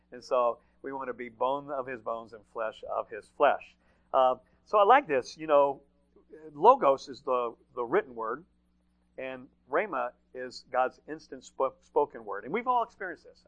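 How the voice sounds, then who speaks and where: Man, preacher, sermon, conversational, repeats himself, muffled recording. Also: medium pitch. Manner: conversational, tag questions, repeats phrases.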